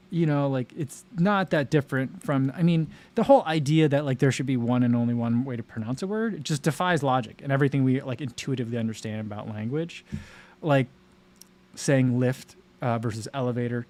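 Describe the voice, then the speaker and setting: A man with a mid-range, slightly mellow voice hosts a casual livestream. Talking to his chat, he rambles chattily, with frequent fillers and self-interruptions.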